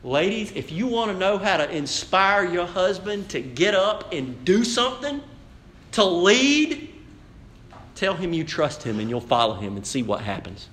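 A man's voice: sits high, sing-song, measured pace, fairly bright tone, a little hiss or hum. A married man preaching a sermon as pastor, telling a personal story in a conversational way and speaking directly to the congregation. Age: adult, married. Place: church sanctuary. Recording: echoey church room.

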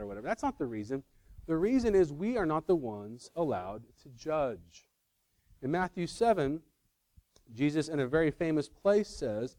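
A man's voice: fairly high pitch, very animated, normal speed, a little mellow, no room sound. A man preaching a sermon in a conversational, emphatic way, often correcting himself mid-sentence. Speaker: pastor.

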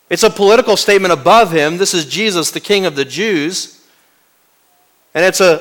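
Dramatic preaching man with fairly high voice. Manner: dramatic, swinging from loud to hushed; rhetorical questions to the congregation. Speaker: pastor. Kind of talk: sermon.

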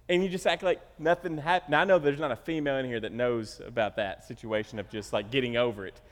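In a reverberant church hall, a middle-aged pastor preaches a sermon in a steady-toned, mid-range voice at a fairly quick pace. He tells stories animatedly and acts out the quotes.

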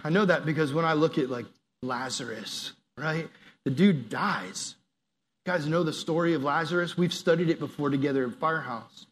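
Animated male youth pastor preaching. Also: fairly high pitch, moderate pace. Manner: animated, acts out quoted prayers, drops to soft earnest appeals. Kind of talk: sermon.

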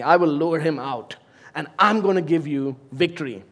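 A middle-aged man, a senior pastor, preaching a sermon that swings from soft, low passages to loud, emphatic exhortation. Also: moderate pace.

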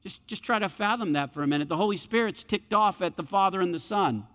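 High-voiced preacher man, echoing hall. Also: fast talker, a bit bright. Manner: repeats key phrases for emphasis; acts out quoted voices in storytelling. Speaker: pastor. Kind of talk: sermon. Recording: dull lo-fi sound with hall reverb.

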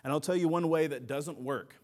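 A middle-aged man preaching a sermon as a pastor, earnest, building to emphatic peaks and dropping soft. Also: a little high, brisk.

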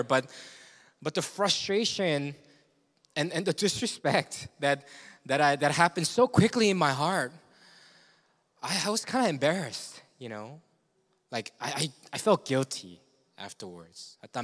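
Male pastor, conversational sermon, candid and self-deprecating with frequent chuckles, voice slightly higher than most men's. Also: lively intonation, a little slow, long pauses, a bit bright. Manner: candid and confessional, chuckling often. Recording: long reverb of a large hall.

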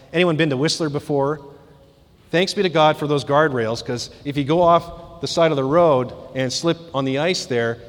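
A man preaching a sermon, emphatic and rising on key points, with asides to the congregation. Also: a little high. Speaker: pastor. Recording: long hall reverb.

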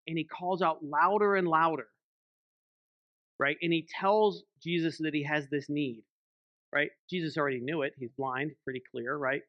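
This man's voice is on the high side as he gives a conversational sermon as a church elder, repeatedly tagging his points with "right?" for the congregation. The audio has no echo and sounds lo-fi.

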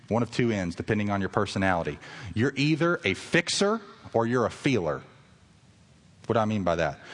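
A man pastor delivering a sermon to his congregation, earnest and rising to emphatic peaks. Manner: earnest preaching that swells to emphatic highs. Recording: long reverb of a large hall.

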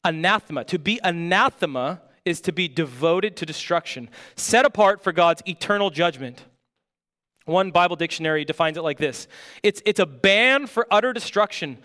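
A man's voice: fairly high pitch, fairly bright tone. A pastor preaching a sermon in an earnest, emphatic way, asking his listeners rhetorical questions.

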